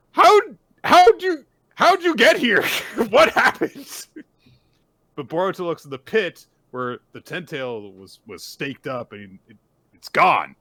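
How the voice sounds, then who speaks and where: A man's voice: mid-range voice, pushed and bright, no room sound. A man co-hosting a casual podcast, animatedly retelling chapters and acting out the characters' lines. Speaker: podcast co-host recapping manga. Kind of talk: casual chat.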